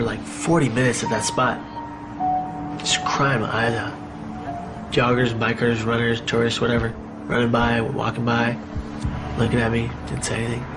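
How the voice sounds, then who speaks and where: Candid man telling his story over music. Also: mid-range voice. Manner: candid, rambling, with fillers and restarts. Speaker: interviewee recounting his own story. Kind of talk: personal testimony interview. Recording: music playing under the voice.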